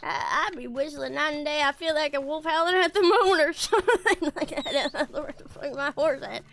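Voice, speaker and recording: A woman's voice: high voice, brisk, fairly bright tone. A woman streaming a game in character as a bashful male cowboy outlaw, stammering and rambling with frequent laughs.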